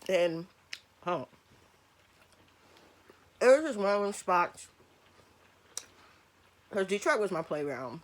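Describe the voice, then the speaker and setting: A woman's voice: fairly low pitch, big pitch swings, slow, long pauses. A woman in her thirties from Michigan, chatting casually through a lunch mukbang vlog in her bedroom. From Michigan, USA. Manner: chatty, laid-back, fillers like um and like. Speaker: vlogger.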